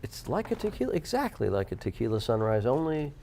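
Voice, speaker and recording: A man's voice: mid-range voice, big pitch swings, fast talker, gravelly, warm tone. A man hosting local television, teasing his co-host and reading sponsor plugs in a playful way. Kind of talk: casual banter and ad reads. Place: TV studio.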